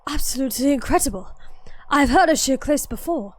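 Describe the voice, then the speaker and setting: A woman's voice: sits high, animated, brisk, no echo. A woman streaming a video game, chatting casually and reading the game's dialogue aloud between laughs.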